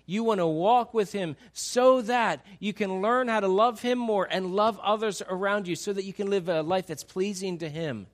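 A male pastor preaching a sermon, pleading with rhetorical questions that rise for emphasis and then drop soft. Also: sits high, normal speed, hardly any pauses.

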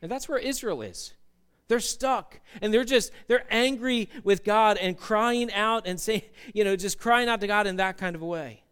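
A man preaches a sermon in a church with a bright, clear voice, pitched high for a man. He gets animated and acts out panicked voices as he goes. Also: normal speed. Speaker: pastor.

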